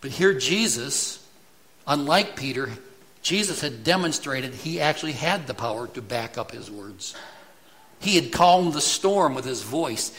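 A male pastor preaching a sermon in a slow, deliberate rhythm. His voice is bright and forceful, and he drives his points home with emphatic rhetorical questions. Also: a little high, rough recording.

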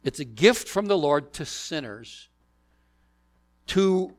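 A man preaching a sermon, deliberate and emphatic, asking the congregation rhetorical questions. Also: a little high, expressive. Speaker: pastor.

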